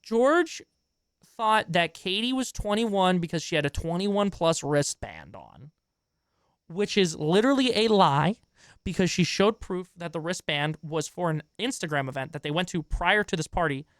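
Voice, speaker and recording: A man's voice: sits high, lively intonation, normal speed, fairly bright tone, clear, resonant tone, no room sound, clean studio sound. A man streaming a reaction video, ranting in an exasperated, profane way and chatting with his viewers in between. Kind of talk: live-stream reaction commentary.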